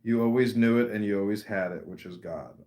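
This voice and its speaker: Man calmly explaining, lowish voice. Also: brisk. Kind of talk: casual chat explaining beliefs.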